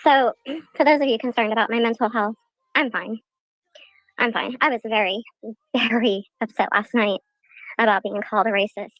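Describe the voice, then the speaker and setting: A woman on a livestream with a fairly high voice, speaking in a measured, self-justifying, lecturing way. The sound is dry and close, with no room around it. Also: fairly even intonation, fairly bright tone, no echo, rough recording. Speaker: livestreamer defending herself. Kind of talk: recorded livestream talk.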